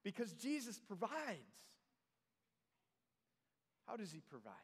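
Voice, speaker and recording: A man preaching a sermon as pastor, earnest, often dropping to a soft, slow voice for emphasis. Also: high voice, expressive. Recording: long hall reverb.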